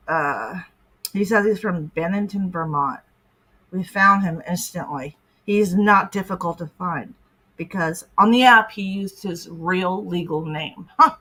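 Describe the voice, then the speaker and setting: A woman talks bluntly on a livestream with a bright, forceful tone. She sounds indignant and drops casual swears. She is a decoy for a predator-catching group. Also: mid-range voice, low-quality recording. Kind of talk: livestream commentary.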